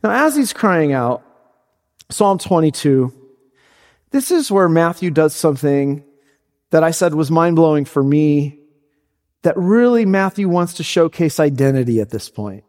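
A man preaching a sermon as pastor, slow and deliberate, climbing to high emphatic peaks. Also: expressive, a little mellow. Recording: long hall reverb.

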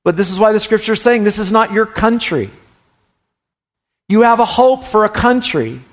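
A man preaching a sermon from the pulpit in a fairly high voice. He delivers it with fervor, hammering his key phrases again and again, and his words sometimes tumble into quick stammers as he presses on. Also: lively intonation. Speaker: pastor.

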